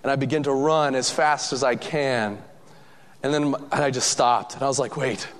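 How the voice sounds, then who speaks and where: A man telling a lively, self-mocking personal story to an audience, acting out the voices of the people in it. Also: mid-range voice, moderate pace, big-room sound.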